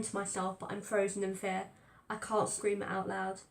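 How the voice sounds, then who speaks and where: A woman's voice: medium pitch, monotone, moderate pace, vocal fry. A woman narrating a first-person story aloud in a tense, fearful telling. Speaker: audiobook reader. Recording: roomy echo.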